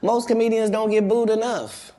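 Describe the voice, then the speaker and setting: A man's voice: high voice, flat delivery, moderate pace, dark tone. A male comedian talking in an interview, assertive and matter-of-fact, rambling through his points. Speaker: comedian guest. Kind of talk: interview conversation.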